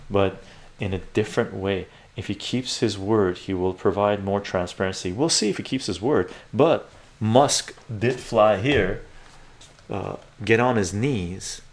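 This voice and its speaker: Male streamer, low gravelly voice, sarcastic profane rants while reading chat. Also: darkish tone. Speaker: livestream host reading viewer chat. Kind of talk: ranting livestream commentary.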